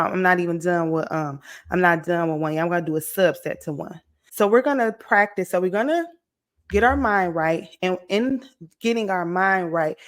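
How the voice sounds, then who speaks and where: A woman about to turn forty, giving an energetic, encouraging motivational talk to her viewers, checking in often with "okay?" and "right?". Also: mid-range voice. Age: late 30s. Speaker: motivational vlogger. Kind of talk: casual motivational talk to camera.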